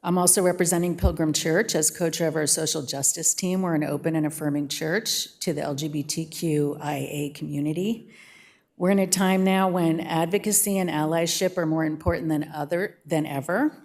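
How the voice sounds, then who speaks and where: Older woman with a deep, low voice. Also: a little mellow. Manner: measured, read-from-notes delivery. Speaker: church social justice co-chair. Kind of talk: prepared public comment.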